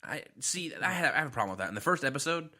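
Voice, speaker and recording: A man co-hosting a casual podcast, joking around and retelling cartoon scenes with quick voiced quotes. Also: a little high, very animated, sharp tone. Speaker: podcast co-host. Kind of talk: casual chat recapping a cartoon episode.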